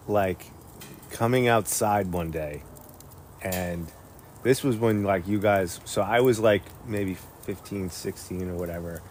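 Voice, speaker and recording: A man's voice: sits low, takes it slowly, darkish tone, slight background noise. A man chatting casually with friends, laid-back, often laughing and urging others to tell their stories. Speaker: friend in group chat. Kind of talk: casual chat among friends.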